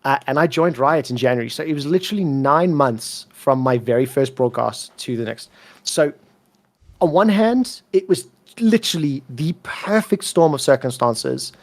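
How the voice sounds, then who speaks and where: A man from South Africa with a soft South African accent that leans British and American, telling his career story in an interview with blunt emphasis and plenty of swearing. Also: mid-range voice, expressive, moderate pace. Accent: soft South African, mixed with British and American. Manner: emphatic, swears freely, repeats words when fired up. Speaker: esports commentator, interview guest.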